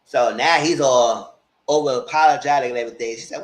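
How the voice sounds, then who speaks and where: A man hosting a casual live TV recap, animated, jumping into loud high-pitched quotes of the characters. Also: brisk. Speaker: TV review host. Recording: roomy echo.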